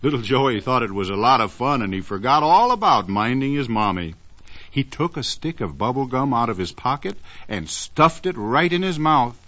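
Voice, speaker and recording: A man's voice: mid-range voice, sing-song, a bit bright. A man narrating a children's story in a sing-song way, stretching words for effect, on a dull lo-fi old recording. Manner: sing-song, drawn-out emphasis.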